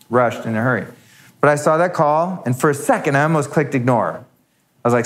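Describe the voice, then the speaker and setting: A man's voice: mid-range voice, a little fast. A middle-aged man hosting a live show, telling a story candidly and acting out the voices he quotes. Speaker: podcast host. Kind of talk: live talk to an audience.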